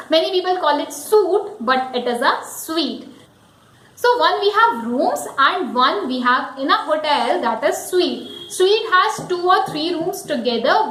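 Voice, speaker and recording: A woman with an Indian accent teaching English pronunciation, slowly repeating and spelling out words. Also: sits high, a bit bright, reverberant, poor audio. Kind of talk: pronunciation lesson.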